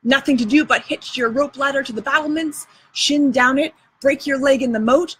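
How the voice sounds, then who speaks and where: A woman's voice: sits high, moderate pace, a bit bright, rough recording. A woman reading aloud and voicing a bossy, show-off boy adventurer in a drawling folksy dialect. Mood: lecturing.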